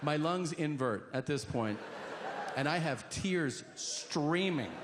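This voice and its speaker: A man's voice: fairly high pitch, expressive, slow, background noise. A man comedian telling a stand-up story, laughing through it as he goes. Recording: echoey room with loud ambience.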